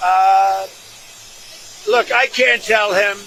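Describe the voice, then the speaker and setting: A man's voice: sits high, steady tone, drawn-out words, pushed and bright, a little hiss or hum, poor audio. A man answering reporters at a press conference, combative and repetitive, cutting questioners off. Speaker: politician taking press questions.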